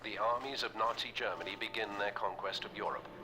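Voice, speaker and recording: A man giving a grave, measured scripted narration for a war game's opening. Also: on the low side, background noise, close to an everyday voice. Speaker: game intro narrator. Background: music.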